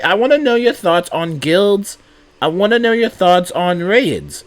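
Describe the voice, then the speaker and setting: A man with a fairly high voice, clearly congested from a cold, talks casually to his viewers. He sounds exasperated and keeps circling back over the same points. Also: fairly bright tone. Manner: exasperated, repeating himself. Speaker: gaming YouTuber. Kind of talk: casual rant to camera.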